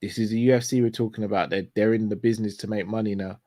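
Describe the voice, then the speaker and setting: A man's voice: lowish voice, steady tone, racing, warm tone, dry recording, studio quality. A man hosting a casual fight watchalong, chatty and upbeat, signing off like a show host. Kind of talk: casual fight commentary chat.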